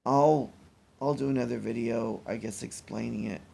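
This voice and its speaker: A mentally exhausted man talking in a casual personal vlog, weary and rambling, with halting restarts. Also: mid-range voice, vocal fry, mellow, breathy edge. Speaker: vlogger.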